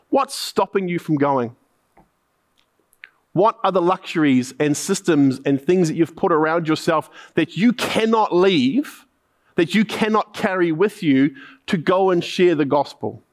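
A man with a New Zealand accent preaching a sermon in a slightly higher voice. He tells stories with a running refrain and presses his listeners with searching questions. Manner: storytelling with repeated punchlines, then probing rhetorical questions.

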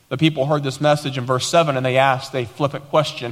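A man preaching as a pastor, quoting scripture with emphatic repetition and sudden swings between raised declarations and quieter teaching. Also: medium pitch, little pitch movement, fast talker, hardly any pauses, long reverb tail. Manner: preaching with emphatic repetition, dramatic quoted lines. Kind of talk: sermon.

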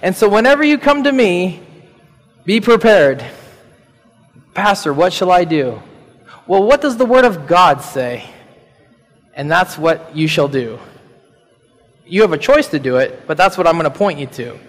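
High-voiced pastor preaching in a reverberant hall. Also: male voice, normal speed, pauses often. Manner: animated, rising to emphatic peaks with chuckles. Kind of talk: sermon.

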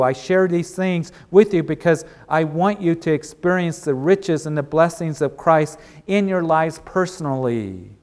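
A man's voice: a little high, darkish tone. A male pastor delivering a sermon, retelling a story and driving points home with repeated, emphatic phrases.

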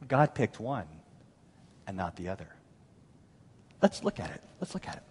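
A middle-aged man preaching a sermon as pastor, animated and storytelling, acting out the voices he quotes. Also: mid-range voice, normal speed, pauses often, husky. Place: large church hall. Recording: long church-hall reverb.

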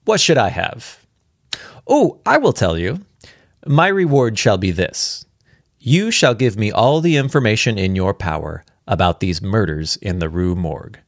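A man reading aloud the lines of a shrewd, composed French gentleman detective in a storybook reading, measured and courteous. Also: fairly low pitch, sing-song, no echo, studio quality, exaggerated voice.

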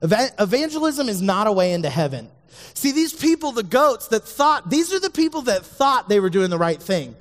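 A man's voice: high-pitched, big pitch swings, brisk. A man preaching a sermon as a youth pastor, speaking earnestly to his listeners and repeating the key lines. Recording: long hall reverb.

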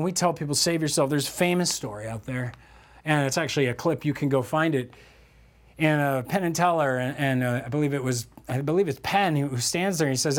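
A man preaching a sermon as a pastor, animated and acting out the voices he quotes. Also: on the high side.

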